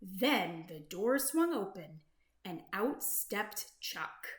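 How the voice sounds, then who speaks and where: Slow gentle lady reading a kids' picture book aloud, lively up and down voice, roomy echo. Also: mid-range voice. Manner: sing-song, gentle storytelling. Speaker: children's book reader. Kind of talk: read-aloud storybook narration.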